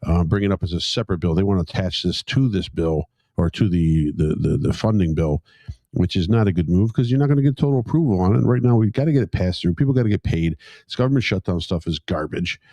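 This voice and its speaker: A man's voice: deep voice, expressive, fast, mellow, dry recording. A man in casual political chat, emphatic and opinionated, often repeating words as he builds a point.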